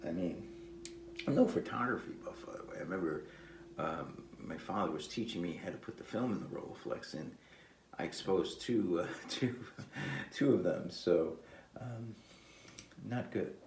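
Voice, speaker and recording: An older man hosting his own podcast, talking in a meandering, halting way with frequent fillers and chuckles, recorded on a phone on a tripod. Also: low voice, animated, darkish tone, slight background noise. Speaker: podcast host. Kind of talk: rambling casual monologue. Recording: echoey room with faint ambience.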